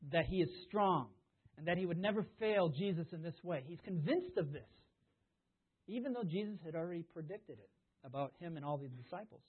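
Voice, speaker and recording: A man preaching a sermon, stressing key words loudly, then dropping to hushed asides. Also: fairly high pitch, lively intonation, fairly quick, breathy edge. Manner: emphatic, swings from loud stresses to hushed asides. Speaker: pastor. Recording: tinny phone-like sound.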